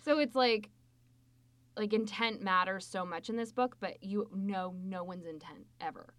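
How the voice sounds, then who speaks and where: Casting: woman, casual book-club co-host, easygoing, quick reactive agreements. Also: mid-range voice, a bit bright, dry recording. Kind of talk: casual chat about a book.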